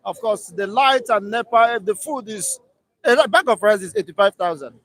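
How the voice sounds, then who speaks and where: A man with a Nigerian accent hosting a casual talk show and telling lively stories. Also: sits high, moderate pace, low-quality recording. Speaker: host.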